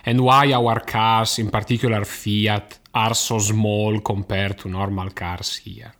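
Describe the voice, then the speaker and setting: A man's voice: fairly low pitch, little pitch movement, takes it slowly, fairly bright tone. A man with an Italian accent, a student casually telling how people ask about his home country. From Italy. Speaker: interviewed student.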